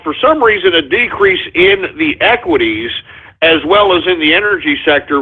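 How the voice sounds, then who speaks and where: Male talk-radio host, sarcastic agitated ranter, husky voice, phone-quality audio. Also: a little high. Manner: agitated, sarcastic, swearing rants. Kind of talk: ranting talk radio monologue.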